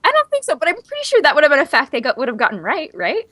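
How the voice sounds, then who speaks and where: A young adult woman co-hosting a casual podcast chat, telling stories in an animated way and acting out the quotes. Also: sits high, very fast. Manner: animated storyteller, acts out quotes. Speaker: podcast co-host.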